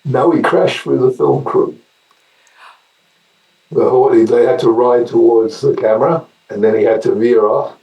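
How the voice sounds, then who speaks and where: An older man with an Australian accent, a guest actor telling wry anecdotes in a casual interview, often halting and restarting. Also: medium pitch, steady tone, dark tone, echoey room, recorded from a distance, poor audio.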